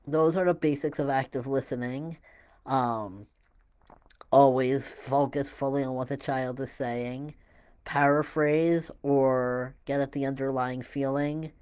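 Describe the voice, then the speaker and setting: A man explaining a listening technique to parents in a relaxed, halting way, with many fillers and restarts. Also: medium pitch. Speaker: parenting educator. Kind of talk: casual instructional talk to camera.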